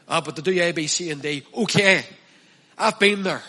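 A man's voice: a little high, normal speed, bright, forceful tone. A man preaching a sermon in an earnest manner, repeating and stressing his key phrases. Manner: earnest, repetitive emphatic preaching.

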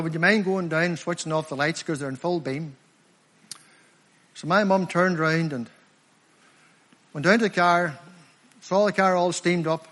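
A middle-aged man with a Northern Irish accent preaching an evangelistic sermon, fervent and emphatic, slowing down to stress key phrases. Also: a little high, fairly bright tone. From Northern Ireland. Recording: echoey hall, long reverb.

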